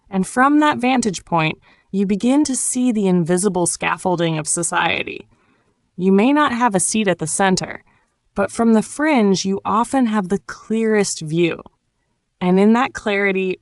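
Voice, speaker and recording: A woman's voice: mid-range voice, no room sound. Woman, scripted learner podcast narration, reflective, short phrases, dry recording.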